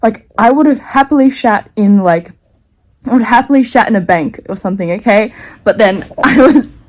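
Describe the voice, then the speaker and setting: A woman's voice: a little high, moderate pace, darkish tone. A young woman telling a rambling, embarrassing story to camera, often breaking into laughter and slang. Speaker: vlogger.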